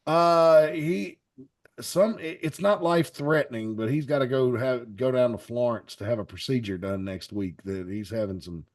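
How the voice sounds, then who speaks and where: A man's voice: mid-range voice, fairly even intonation, normal speed. A man hosting a wrestling talk show, chatting in a folksy, rambling, jokey way. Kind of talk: casual live-stream chat.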